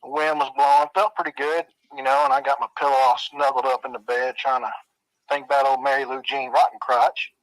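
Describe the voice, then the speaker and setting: A man's voice: medium pitch, little pitch movement, a little fast, a bit bright, dry recording, low-quality recording. A man telling a spooky childhood story in a casual, drawling way, swearing and making sound effects. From Arkansas.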